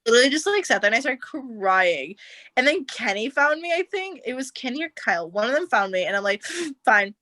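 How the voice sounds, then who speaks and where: A woman's voice: high-pitched, fairly quick, no room sound. Chatty young woman telling a story. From United States. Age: young adult. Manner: animated storyteller, acts out quotes, says like a lot. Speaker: podcast guest. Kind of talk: casual storytelling chat.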